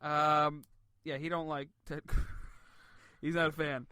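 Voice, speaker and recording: A high-voiced man with a sharp, forceful edge to his tone. He co-hosts a comedic radio talk show, joking loudly and laughing through his riffs. The sound is close and dry. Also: little pitch movement, slow, clear, resonant tone, no room sound.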